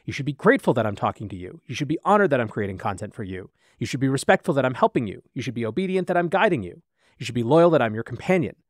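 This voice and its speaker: A man's voice: medium pitch, very animated, rapid-fire, dry recording, clean studio sound. A man doing an unhinged AI chatbot. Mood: cold menace. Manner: melodramatic, repetitive reading of chatbot replies. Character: unhinged AI chatbot, swings from groveling to menacing.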